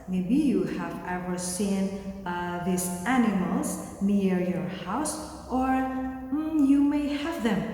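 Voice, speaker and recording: A woman with an Indonesian accent teaching young children an English lesson, speaking slowly in simple words and making animal sounds. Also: mid-range voice, lively intonation, dark tone, faint music behind. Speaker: kindergarten teacher. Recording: very echoey room with long reverb.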